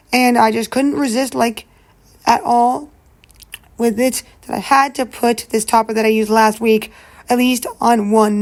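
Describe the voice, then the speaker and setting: Bubbly woman vlogger narrating a nail art tutorial, fairly high voice, playful exclamations. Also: darkish tone, rough recording.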